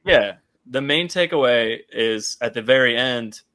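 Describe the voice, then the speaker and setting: A man co-hosting a casual comic book podcast, animated and profane, acting out characters' lines for laughs. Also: mid-range voice, measured pace. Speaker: podcast co-host.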